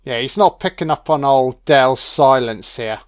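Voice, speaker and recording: A man talking through a film in a loose, chatty commentary. He swears constantly, laughs often and speaks at an ordinary, middling pitch. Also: normal speed. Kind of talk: casual audio film commentary.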